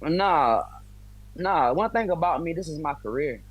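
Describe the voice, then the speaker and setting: A man's voice: a little high, very animated, quick pace, husky, dry recording, lo-fi sound. A man, a bare-knuckle fighter from the US, chatting as a guest on a video call, friendly and talkative, with loose slang. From United States. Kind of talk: casual interview chat.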